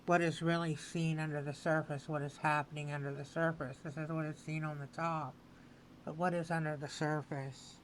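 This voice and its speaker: A woman giving a spoken tarot reading, repeating her phrases slowly and with emphasis. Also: low-pitched, little pitch movement, slight background noise, rough recording. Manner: slow, repetitive, affirming phrasing. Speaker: tarot reader.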